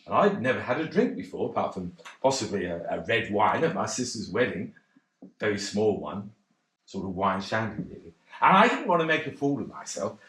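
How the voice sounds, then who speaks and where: A man's voice: lowish voice, very animated, brisk, a bit bright. An actor playing a bashful, rambling cocktail pianist in a one-man stage monologue, hesitant and self-deprecating. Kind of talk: theatrical monologue. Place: theatre stage. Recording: roomy theatre.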